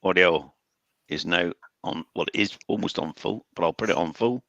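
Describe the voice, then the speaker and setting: Soft-spoken man on a headset. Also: low voice, normal speed, dry recording, lo-fi sound. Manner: soft-spoken, voice trails off at line ends. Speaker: scorekeeper on a live quiz stream. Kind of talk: casual banter.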